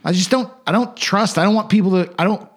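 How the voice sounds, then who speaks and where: A man's voice: high-pitched, fast talker. A man co-hosting a podcast who rambles in casual chat and poses hypothetical questions. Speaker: podcast co-host.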